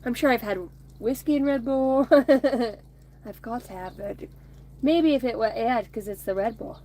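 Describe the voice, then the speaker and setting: A woman's voice: on the high side, unhurried, warm tone, slight background noise. A woman in her thirties hosting a casual card-reading chat on a phone outdoors, rambling, swearing and laughing between remarks. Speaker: oracle card reader streaming to viewers. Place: outdoors by a bonfire at home.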